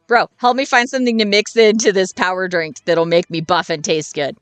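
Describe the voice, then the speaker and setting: A woman's voice: lowish voice, steady tone, fairly quick, smooth, dry recording, soft background music, pitched below the performer's own voice, close to an everyday voice. Woman reading as an earnest dim jock boy. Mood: goofy. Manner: bro-ish, earnest, rambling.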